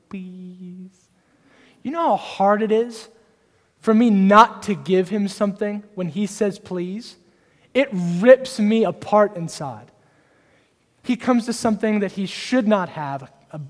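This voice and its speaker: Earnest high-voiced male preacher. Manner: earnest preaching, varies pace and loudness. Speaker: pastor. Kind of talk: sermon. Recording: hall reverb.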